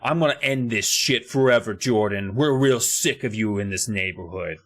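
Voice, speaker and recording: A man's voice: fairly low pitch, normal speed, a bit bright. A man voicing a tough, mean bully girl with a put-on New York accent, speaking in a threatening, profane, blunt way. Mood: menacing.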